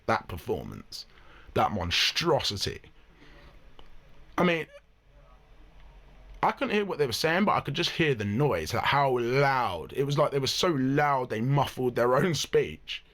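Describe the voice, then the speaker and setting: A man's voice: medium pitch, a bit bright. A man hosting a reaction video, talking casually and wryly, with the odd swear word. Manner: chatty, wry, swears casually. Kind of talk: casual commentary.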